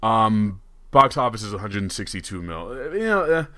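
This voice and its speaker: Man, co-host, excitable storytelling, lively pitch, dry recording. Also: moderate pace, dry recording. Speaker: podcast co-host. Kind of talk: casual podcast banter.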